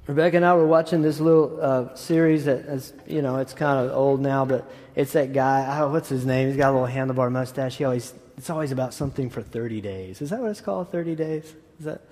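A man's voice: mid-range voice, fast, hardly any pauses, a little mellow. A man preaching a sermon as pastor in a casual, enthusiastic way with asides. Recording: echoey hall.

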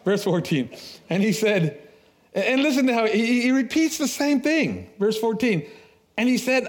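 A middle-aged man preaching a sermon, telling stories with laughs and restarts, animated. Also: sits high, a little slow. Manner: storytelling, animated, with laughs and repeated words.

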